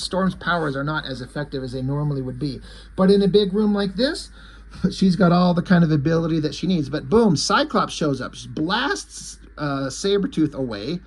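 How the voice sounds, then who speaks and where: Husky-voiced man casually recapping a comic. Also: fairly high pitch, lively intonation, brisk. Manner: casual, profane, enthusiastic. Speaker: comic book reviewer.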